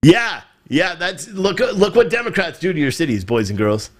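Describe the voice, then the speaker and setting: A man's voice: on the high side, big pitch swings, normal speed. A man hosting a live political commentary show, talking in a frustrated, rambling way and often repeating himself. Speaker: podcast host.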